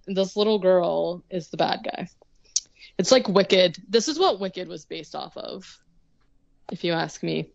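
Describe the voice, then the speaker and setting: A young woman on a podcast rambles through a movie recap with dry sarcasm, dropping "like" into every clause. Her voice sits at an ordinary middle pitch. The recording is dull and lo-fi with a dry, close sound. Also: vocal fry, dry recording. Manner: rambling, sarcastic, heavy use of "like" and swearing. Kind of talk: casual chat recapping a movie.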